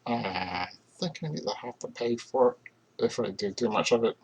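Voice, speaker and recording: A Canadian man chatting casually on his own stream, meandering and halting with many fillers and restarts. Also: mid-range voice, lively intonation, a little mellow, slightly rough, highs cut off. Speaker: solo streamer. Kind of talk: rambling casual vlog chat.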